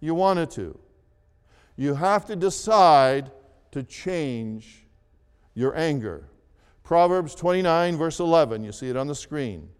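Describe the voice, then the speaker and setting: A man preaching a sermon as a pastor, in a slow, deliberate style that repeats key phrases and rises for emphasis. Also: a little high, expressive, clean tone. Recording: long reverb of a large hall.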